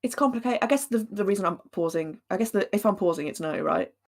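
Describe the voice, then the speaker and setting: A woman co-hosting a casual podcast chat, talking in a hesitant, thoughtful way with many pauses and fillers. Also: mid-range voice, lively intonation. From Britain. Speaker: podcast co-host.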